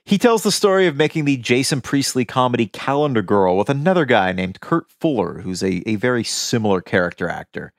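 Animated man with a lively voice. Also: mid-range voice, brisk, creaky, few pauses, dry recording, studio quality. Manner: animated, enthusiastic, laughs often. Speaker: podcast co-host. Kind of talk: casual film-trivia chat.

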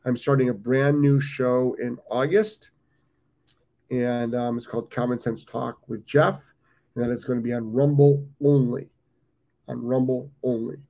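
Hiccuping through a live dog training show, an American man in his fifties rambles casually, repeats himself and fills gaps with many ums. His mid-range voice stays steady, unhurried and mellow.

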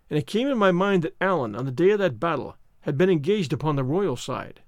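A man narrating a classic novel in first person with expressive, storytelling delivery. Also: a little high, brisk, hardly any pauses, no room sound, studio quality. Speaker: audiobook narrator.

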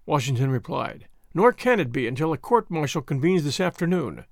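Male audiobook narrator, expressive, lively pitch, somewhat high voice. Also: a little fast, dry recording, studio quality. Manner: expressive, varied delivery.

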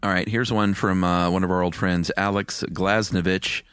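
A man's voice: sits low, little pitch movement, moderate pace, fairly bright tone, smooth, soft background music. A man co-hosting a podcast in casual chat, laid-back with brief replies. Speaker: podcast co-host.

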